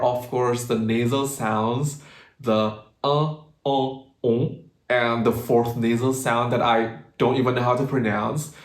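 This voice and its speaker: A man teaching pronunciation at a middle pitch. He slows down and exaggerates sounds to show them clearly. His voice rings in a roomy, echoey space. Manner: slow, exaggerated demonstration of sounds. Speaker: language teacher. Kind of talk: pronunciation lesson.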